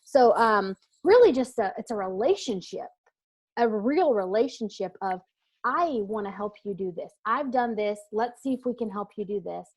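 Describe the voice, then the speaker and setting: A woman's voice: medium pitch, expressive, moderate pace, a little mellow. A woman weight-loss coach answering interview questions in a casual, earnest, emphatic way, with frequent fillers and restarts.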